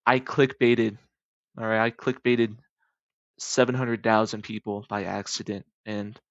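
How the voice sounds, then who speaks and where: A man's voice: flat delivery, unhurried, dry recording. Rambling young man on a dull mic. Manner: rambling, jumps into high-pitched voices for imagined people. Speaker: YouTuber. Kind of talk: rambling casual monologue.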